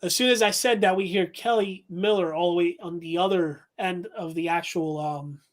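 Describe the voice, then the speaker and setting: A man's voice: high-pitched, fairly even intonation, moderate pace. A man telling a story as a guest paranormal investigator, talking casually with many fillers and restarts.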